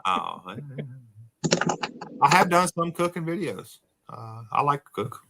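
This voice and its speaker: A man's voice: fairly high pitch, sing-song, slow pace, creaky, bright, forceful tone. A man with a Southern US accent, chatting casually and teasing his friends. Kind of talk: casual chat.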